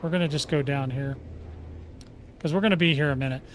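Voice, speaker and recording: A gaming channel host with a fairly high, brisk voice runs a casual game tutorial. He's folksy and chatty, frequently restarting sentences and checking in with "okay?". A little hiss or hum sits under the recording.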